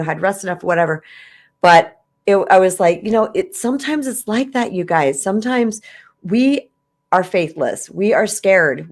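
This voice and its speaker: Emotional animated woman telling a story. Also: lowish voice. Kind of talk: casual podcast chat.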